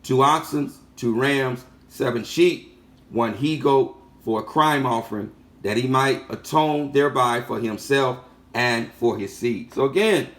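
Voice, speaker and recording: A man's voice: mid-range voice, unhurried, a bit bright. A man giving a sermon teaching, reading out passages and repeating phrases for emphasis with rhetorical questions. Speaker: preacher.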